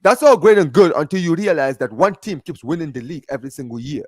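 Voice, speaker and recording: A man's voice: a little high, lively intonation, fast, dry recording. A man arguing about football on a casual live stream, emphatic and insistent, often repeating himself. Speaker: football fan panelist.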